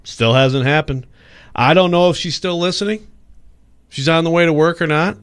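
A man's voice: on the high side, moderate pace, clear, resonant tone. A man co-hosting sports radio in casual banter, rambling and joking, often cutting himself off mid-sentence. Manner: rambling, self-interrupting, joking.

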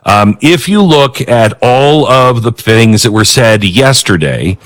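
Male commentary host: brisk, bright tone, sardonic and animated delivery. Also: mid-range voice. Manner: animated, sarcastic, chuckling. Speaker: political talk show host. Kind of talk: opinionated commentary.

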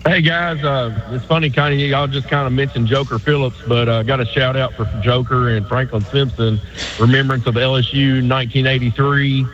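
A man phoning in to sports radio, his voice coming through a dull, muffled phone line. He speaks at a middling pitch in a folksy way with plenty of fillers. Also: steady tone, normal speed, a bit bright. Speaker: caller.

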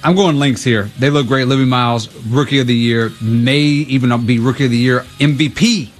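Male guest, mid-pitched, easygoing and laid-back picks. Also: steady tone, moderate pace, soft background music. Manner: easygoing, laughs along. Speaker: radio guest. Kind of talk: casual sports radio banter.

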